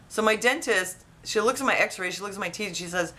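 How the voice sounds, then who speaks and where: A woman casually telling a personal story, rambling and animated with lots of restarts. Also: medium pitch, a little fast. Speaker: vlogger.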